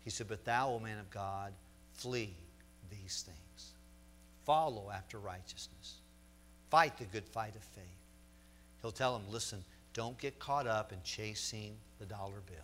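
A man's voice: fairly low pitch, fairly bright tone, slight background noise. Emphatic middle-aged preacher man. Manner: emphatic, repeats words, slows for stress. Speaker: pastor. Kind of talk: sermon.

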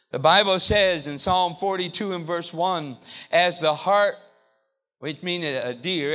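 A man's voice: a little high, measured pace, bright, forceful tone. A male pastor from the South, preaching a sermon in a church and repeating key phrases in call-and-response. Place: church sanctuary.

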